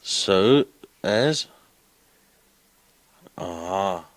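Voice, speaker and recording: A man's voice: deep voice, expressive, drawn-out words, no echo, poor audio. A man teaching a Greek class, coaxing students with questions. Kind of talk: classroom lecture.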